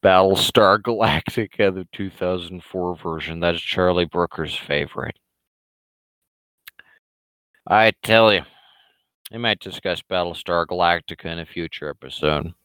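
A man's voice: deep voice, a little slow, pauses often, a bit bright, clear, resonant tone, dry recording. A man with a slightly scratchy throat, hosting a live show with sarcastic, rambling commentary and casual swearing.

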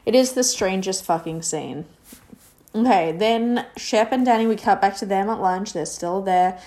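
A woman's voice: medium pitch, moderate pace, mellow. A woman casually recapping a reality show, rambling and sarcastic, with lots of fillers.

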